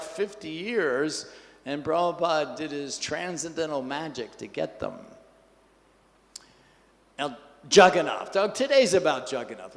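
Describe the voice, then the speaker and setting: A man giving a scripture class in a temple hall, telling an anecdote in a lively way and acting out the quotes. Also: a little high. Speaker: class speaker.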